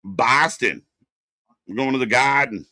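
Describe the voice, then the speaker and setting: Here a medium-pitched man talks at a normal speed, recorded with studio quality and no room sound. He's co-hosting a live wrestling watch party, chatting and reacting loosely, full of fillers and sudden loud, excited outbursts.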